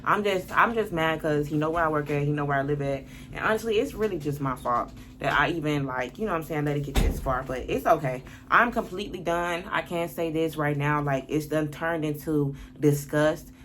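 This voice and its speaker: A woman's voice: low-pitched, fairly quick, hardly any pauses, fairly bright tone, slight background noise. A woman telling a personal story on her vlog in a blunt, profane, worked-up way. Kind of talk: casual storytime monologue.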